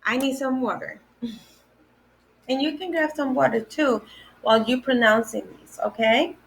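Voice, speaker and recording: A woman's voice: sits high, a little hiss or hum, poor audio. A woman teaching a children's Spanish vocabulary lesson, repeating each word and spelling it out letter by letter. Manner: repeats words slowly, spells them out letter by letter. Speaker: Spanish teacher for a day camp.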